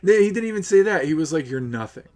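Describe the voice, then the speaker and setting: A man streaming live, ranting with lots of swearing, upset and close to tears, swinging between loud outbursts and low mutters. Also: fast talker. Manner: profane, agitated, swings between yelling and muttering. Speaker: livestreamer.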